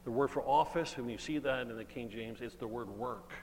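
A man's voice: medium pitch, fairly quick, few pauses, darkish tone. A man preaching an earnest, emphatic sermon and reading scripture aloud. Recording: long hall reverb, faint hum.

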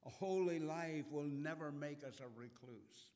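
A man preaching a sermon in a slow, earnest way, with dramatic rises in his voice. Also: on the high side, darkish tone. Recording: long hall reverb.

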